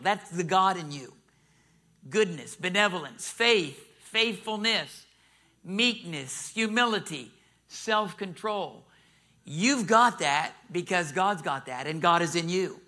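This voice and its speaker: A middle-aged man preaching a sermon, emphatic, calling out for amens and shifting between loud declarations and soft asides. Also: high-pitched. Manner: emphatic preaching with rising calls for amen. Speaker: pastor.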